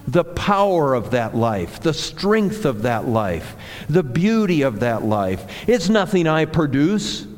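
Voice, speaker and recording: A man preaching a sermon as a pastor, slow and deliberate, building emphasis through repeated phrases. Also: fairly high pitch, sing-song, a little mellow. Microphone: handheld or clip mic that slipped. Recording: long hall reverb.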